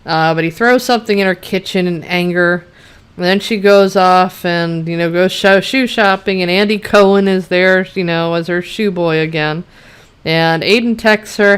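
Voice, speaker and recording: A woman's voice: fairly low pitch, normal speed, smooth. A woman reviewing a TV show in a casual, blunt and sarcastic rant, swearing freely and filling her talk with chatty asides. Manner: chatty, many "you know" and "like" asides. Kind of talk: casual rant recapping an episode.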